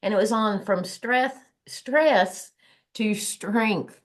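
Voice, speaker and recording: A woman's voice: medium pitch, drawn-out words. A woman with a Southern accent co-hosting a motivational podcast, chatting in a folksy way and laughing often. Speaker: podcast co-host. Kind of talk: casual chat.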